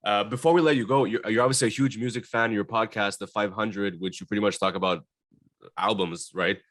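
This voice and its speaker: A man's voice: on the low side, a little fast, a bit bright, no echo. A man hosting a podcast, asking questions in an easygoing way with casual swearing. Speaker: podcast host. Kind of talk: casual interview chat.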